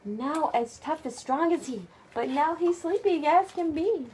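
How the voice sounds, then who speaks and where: At home at bedtime, a native Japanese-speaking woman reads a picture book aloud to her child, expressive and sometimes hushed. Her voice is high and her pace measured, with a little hiss or hum in the recording.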